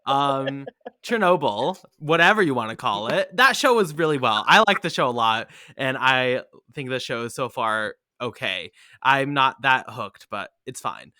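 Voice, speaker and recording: A man hosting a podcast, talking casually in lively bursts. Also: medium pitch, no echo, clean studio sound. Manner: lively, talks in quick bursts with many "um"s. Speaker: podcast host. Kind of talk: casual chat.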